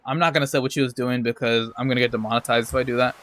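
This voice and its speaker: A man's voice: mid-range voice, steady tone, fast, hardly any pauses, a bit bright. Laid-back streamer man, swearing freely. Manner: profane, rambling, laid-back. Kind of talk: casual storytelling while gaming.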